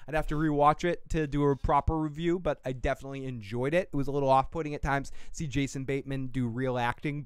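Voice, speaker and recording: Brief: male streamer host, loose and profane, smooth clear voice on the higher side. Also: no echo, studio quality. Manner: profane and rambling, laughing often. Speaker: show host. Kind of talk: casual livestream chat. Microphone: desk mic.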